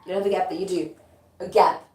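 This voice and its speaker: A woman's voice: on the low side, steady tone, dark tone. A woman teacher explaining Shakespeare in a casual, chatty lesson, often checking that her listener follows. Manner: chatty, checks understanding with quick asides. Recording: echoey room with faint ambience.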